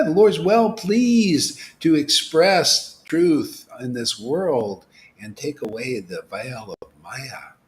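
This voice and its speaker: A man giving an informal devotional sermon, asking rhetorical questions, dropping to whispers and rising to loud exclamations, laughing now and then. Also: mid-range voice. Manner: animated, preachy, swings from hushed whispers to loud exclamations; asks rhetorical questions, laughs at his own jokes. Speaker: spiritual teacher.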